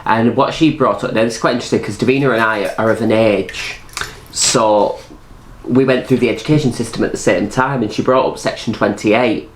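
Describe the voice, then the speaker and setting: A man's voice: on the low side, steady tone, fairly quick, a little hiss or hum. A man, co-hosting a casual chat that reviews a TV show. He sounds agreeable and gossipy. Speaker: co-host. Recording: echoey room.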